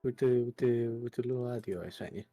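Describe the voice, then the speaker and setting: A man's voice: mid-range voice, quick pace, mellow, no echo. A young man streaming and chatting casually with friends, self-deprecating and jokey, with rambling restarts.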